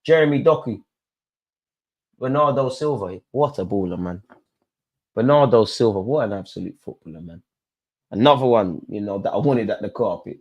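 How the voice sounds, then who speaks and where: A young man, hosting a live football watch-along, commentating casually and bantering with his chat and the players. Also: medium pitch. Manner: animated, banter-filled, talks straight to players and chat.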